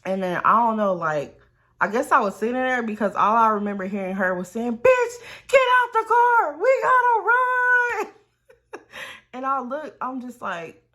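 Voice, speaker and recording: A woman vlogger tells a wild story straight to her viewers, animated and loose with her swearing. Her voice sits at an everyday middle pitch. She keeps turning back to the audience with "y'all.". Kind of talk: casual storytime.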